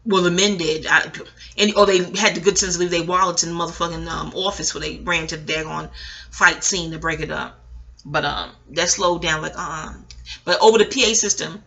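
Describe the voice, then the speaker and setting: Bright-voiced, profane New woman. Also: on the low side, fairly even intonation, a little fast, gravelly, dull audio. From New York. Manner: profane, laughing, digressive storytelling. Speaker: vlogger. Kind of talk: casual rambling monologue.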